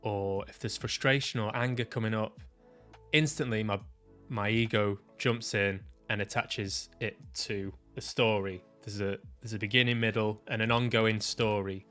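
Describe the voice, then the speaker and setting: A man vlogging about his own experience, reflective and halting, often restarting his sentences and swearing casually. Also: fairly low pitch, steady tone, a bit bright, faint music behind. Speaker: vlogger sharing personal experience. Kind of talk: reflective personal vlog monologue.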